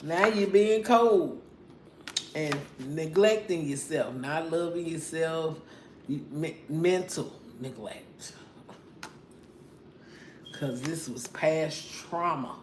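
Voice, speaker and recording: Speaking slowly with long pauses, a middle-aged woman in an echoey, faintly noisy room gives a casual tarot reading. Her low voice has a darkish tone, and she is blunt, profane and quick to laugh.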